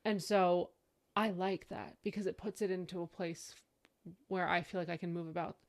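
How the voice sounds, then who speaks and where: A woman co-hosting a book podcast in casual chat, animated and acting out quoted lines. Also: normal speed. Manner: animated storyteller, acts out quotes in high voice. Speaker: podcast co-host.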